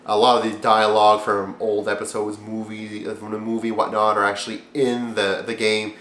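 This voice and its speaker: A man giving a profane, sarcastic comedy rant as a video reviewer, swinging from loud outbursts to low mumbles. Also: flat delivery, moderate pace, echoey room, slight background noise.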